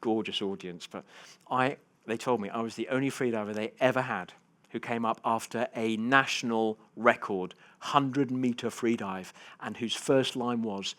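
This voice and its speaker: A man gives a motivational keynote to a live conference audience. He is an animated storyteller who moves from hushed, confiding lines to loud, lively bursts. His voice sits in an ordinary middle register for a man. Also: mid-range voice, measured pace. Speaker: keynote speaker.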